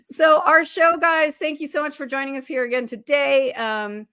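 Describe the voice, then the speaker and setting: Hoarse, husky woman co-host, cheerful chat, higher voice, dry studio. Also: fairly even intonation, normal speed, bright, forceful tone, dry recording. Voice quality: husky, froggy. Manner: upbeat, laughs often. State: hoarse from losing her voice. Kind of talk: casual podcast chat.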